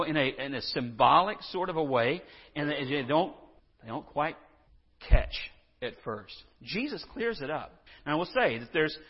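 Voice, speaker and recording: A male pastor preaching a conversational, earnest sermon and reading scripture in a church. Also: a little high. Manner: conversational and earnest, with restarts and asides. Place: church sanctuary. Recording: dull lo-fi sound with long hall reverb.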